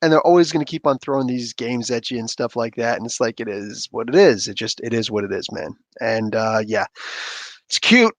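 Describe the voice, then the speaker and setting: A man hosting a casual livestream, reading chat aloud and chatting in an animated way with frequent laughter. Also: medium pitch, fairly quick, few pauses, dry recording. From Canada. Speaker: livestream host.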